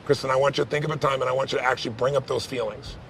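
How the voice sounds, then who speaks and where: A man leading a live coaching session, intense and direct, pressing with quick questions. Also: medium pitch, steady tone, fairly bright tone, slight background noise. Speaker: life coach on stage.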